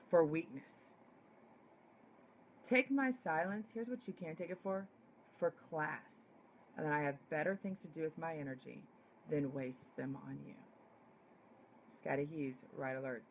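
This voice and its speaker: Indignant woman with a lowish voice. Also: a little hiss or hum, rough recording. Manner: indignant, emphatic, punchy repetitions. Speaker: political commentator. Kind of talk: direct-to-camera opinion monologue.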